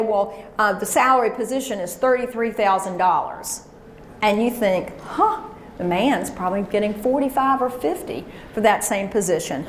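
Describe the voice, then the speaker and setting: A woman's voice: mid-range voice, darkish tone. Echoey woman speaker coaching a crowd. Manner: coaching audience to repeat phrases. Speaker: professional speaker. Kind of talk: motivational seminar talk. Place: conference room before an audience. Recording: echoey room with faint hiss.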